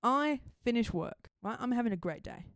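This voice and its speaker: A young Australian woman co-hosting a podcast and telling a story in casual chat. She talks in an animated way, laughs often and swears freely. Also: a little high, normal speed, dry recording, studio quality. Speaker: podcast co-host.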